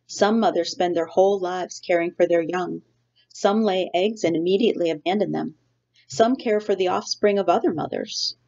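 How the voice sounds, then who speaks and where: A woman reading aloud voices a gentle robot mother who speaks in a formal, measured way without contractions. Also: lowish voice, creaky. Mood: tender. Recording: dull lo-fi recording.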